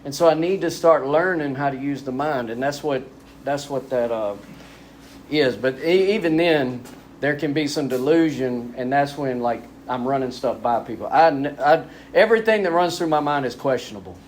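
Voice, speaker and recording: A man speaking candidly at a spiritual retreat, animated and self-deprecating, acting out quotes as he tells his story. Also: mid-range voice, moderate pace, a little hiss or hum.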